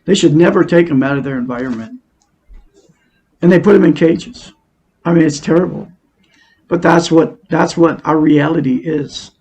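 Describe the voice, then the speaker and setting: A man's voice: a little high, creaky, a little mellow, slightly rough. A man giving a rambling self-help monologue to his viewers, repeating himself and talking straight to them.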